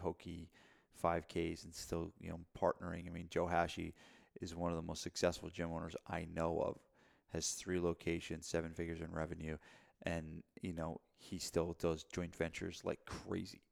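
Deep gravelly guy on a podcast, rambly, lots of "you know". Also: darkish tone. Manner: rambling, many fillers and restarts. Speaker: podcast co-host, gym owner and mentor. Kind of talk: casual podcast chat.

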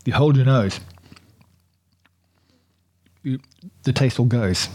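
A man's voice: medium pitch, slow, dark tone. A man hosting a casual chocolate tasting, chatty and rambling, poking fun at himself. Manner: chatty, rambling and self-deprecating.

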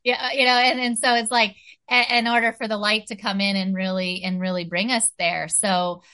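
A woman's voice: mid-range voice, flat delivery, normal speed, bright, forceful tone, clean tone. A woman talking earnestly in a casual spiritual chat, full of "you know" and "like".

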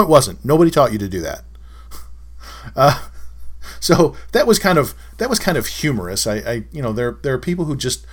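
A middle-aged man hosting a solo podcast in a casual, wry and exasperated way, often chuckling. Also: mid-range voice. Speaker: podcast host.

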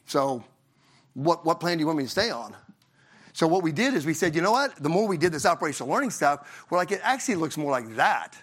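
Talking fast with big swings in pitch, a middle-aged conference speaker from Tennessee in the Southern US keeps his slightly high voice fairly bright. He chats with the audience, frequently posing questions and tacking "right?" onto his lines.

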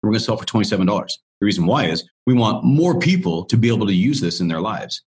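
A man with a somewhat low voice speaks as a guest coach in an interview. He tells his story casually, wandering and restarting often in a friendly, talkative way. The delivery stays loose and conversational. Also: big pitch swings, fast talker, darkish tone. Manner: rambling, chatty, with many restarts and "you know".

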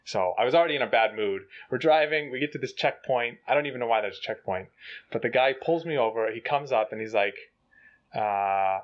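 Animated male co-host, casual storyteller, slightly muffled recording. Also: mid-range voice, fairly quick. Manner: animated, acts out voices in quotes. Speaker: co-host telling a travel story. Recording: slightly dull lo-fi audio.

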